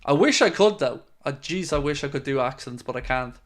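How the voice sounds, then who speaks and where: A man's voice: mid-range voice, lively intonation, a little fast. A middle-aged man hosting a casual fan live stream, reading out viewer comments in a chatty, friendly way. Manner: chatty and friendly, with frequent fillers. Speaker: fan channel host.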